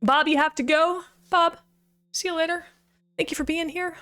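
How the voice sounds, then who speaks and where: A woman's voice: extremely high pitch, steady tone, moderate pace, bright, forceful tone. A woman streaming a video game, chatting casually with her viewers as she plays and often laughing. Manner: chatty, talks to chat while playing, laughs often. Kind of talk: casual livestream gaming chat.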